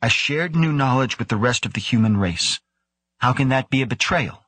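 A man voicing a quiet, earnest young male scientist, sincere and soft-spoken. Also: medium pitch, animated, moderate pace, no room sound, pitched above the performer's own voice.

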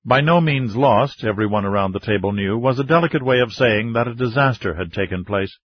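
A man narrating an audiobook thriller in a steady, measured way. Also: on the low side, highs cut off, a little hiss or hum.

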